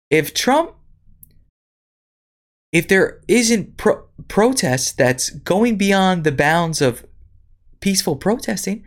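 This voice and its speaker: Lady podcast host reading news n ranting, sarcastic, voice swinging up and down. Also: low-pitched. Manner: indignant, sarcastic.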